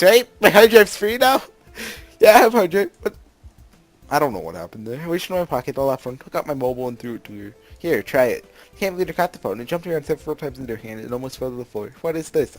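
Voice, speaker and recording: A man hosting a let's play, reading game text aloud with commentary, laughing often and reading character lines with playful emphasis. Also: fairly high pitch. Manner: laughs often, bursts into loud excited reactions.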